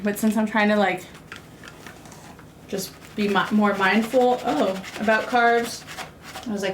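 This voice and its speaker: A young American woman live-streams while cooking, chatting casually with viewers in a mid-range, steady voice at a measured pace with long pauses. She's sassy and rambling, full of fillers, with a little hiss or hum in the audio.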